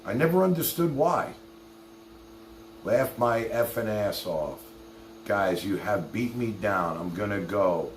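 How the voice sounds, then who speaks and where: A man's voice: fairly low pitch, animated, takes it slowly, reverberant, a little hiss or hum. A man hosting a casual livestream, talking animatedly straight to his chat. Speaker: livestream host.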